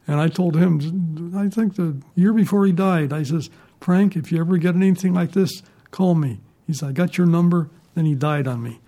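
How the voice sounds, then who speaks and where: A man's voice: sits high, moderate pace, warm tone. Older man telling rambling anecdotes. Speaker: retired newspaper reporter. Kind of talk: storytelling in an interview.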